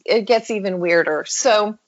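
A woman's voice: medium pitch, moderate pace, dull audio. A woman, a podcast guest, telling a personal story in an interview and acting out the voices of the people she quotes. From United States. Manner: animated storyteller who acts out quoted voices.

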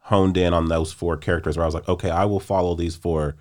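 Deep-voiced man rambling about movies. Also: quick pace. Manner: relaxed, rambling, laughs easily. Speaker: podcast co-host. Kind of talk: casual movie review chat.

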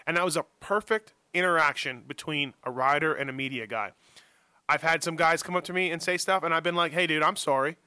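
A man's voice: on the high side, fairly quick, pushed and bright, clean tone, dry recording, studio quality. A man guest on a podcast interview, talking casually and rambling with lots of fillers and restarts, joking at his own expense. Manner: rambling, self-deprecating, many fillers and restarts. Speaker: motocross journalist guest. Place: home office.

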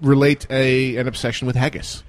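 A man hosting a casual internet radio show, teasing his callers with quick banter. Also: medium pitch, little pitch movement, over loud music. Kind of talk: casual chat.

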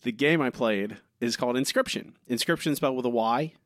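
A man's voice: medium pitch, a little fast, a bit bright, no echo, clean studio sound. A young man co-hosting a podcast, chatting casually and earnestly, often stopping and restarting his sentences. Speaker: podcast co-host. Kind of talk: casual chat.

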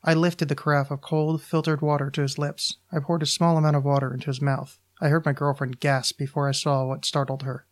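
A male podcast host reads his own short story aloud. His voice sits a little high, and his delivery is measured and even.

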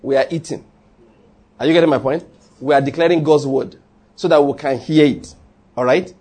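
A man's voice: fairly high pitch, fairly even intonation, moderate pace, a little mellow, husky. A man preaching a sermon in a church, humorous and conversational, leading the congregation in call-and-response. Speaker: pastor.

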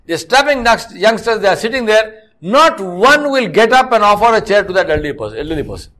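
A man's voice: high voice, big pitch swings, brisk, bright, forceful tone. A middle-aged man preaching a sermon, telling stories with restarts and scolding his listeners with rhetorical questions. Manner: storytelling with frequent restarts. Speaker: mosque preacher.

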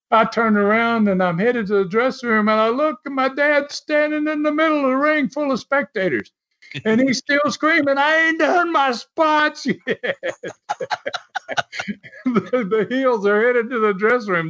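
A man as an interview guest, telling a story in a casual, chatty way and laughing often. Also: high-pitched. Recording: dull lo-fi sound.

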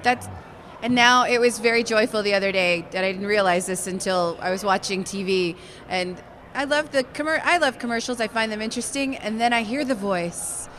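A woman's voice: mid-range voice, fairly quick, fairly bright tone, slight background noise. A woman co-hosting a podcast, interviewing a guest in a casual, gushing, effusive way. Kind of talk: casual convention interview chat.

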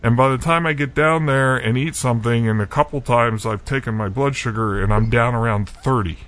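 A man's voice: medium pitch, a little fast, a bit bright. A man co-hosting a podcast, talking casually with many restarts and fillers. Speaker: podcast co-host. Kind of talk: casual chat.

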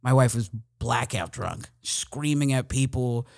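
A man's voice: medium pitch, expressive, measured pace, creaky, dry recording, studio quality. A man, a comedian guest in a casual chat, who jokes around, laughs often and slips into playful voices. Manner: laughs often, jokey and loose with playful impressions.

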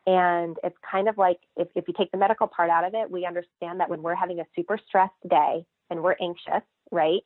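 A middle-aged woman telling her family's story as a guest in a casual interview, lively and expressive. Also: on the low side, fairly quick, hardly any pauses, no room sound. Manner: lively, expressive, acts out quoted voices. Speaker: guest, mother of a child cancer patient. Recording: tinny phone-line sound, dry.

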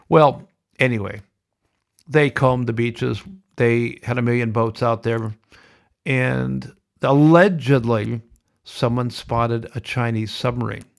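Gravelly, sardonic podcast ranter. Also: male voice, mid-range voice, steady tone, slow. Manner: ranting, sardonic, blunt. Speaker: podcast host. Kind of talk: opinionated podcast monologue.

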